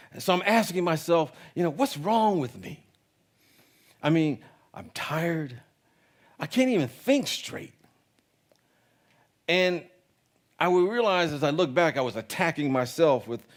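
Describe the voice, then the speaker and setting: A man with a Jamaican accent preaching a sermon in a relaxed, conversational, joking way. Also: medium pitch. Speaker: pastor. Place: church sanctuary.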